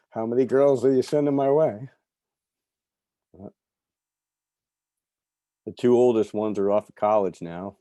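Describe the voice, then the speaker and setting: A middle-aged man from New York giving a candid personal recovery talk, telling stories with soft asides. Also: lowish voice, no room sound. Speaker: recovery speaker.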